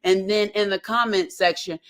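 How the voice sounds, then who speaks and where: A woman hosting a casual livestream, chatting in a halting way and greeting viewers one by one. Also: medium pitch, steady tone. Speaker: livestream host.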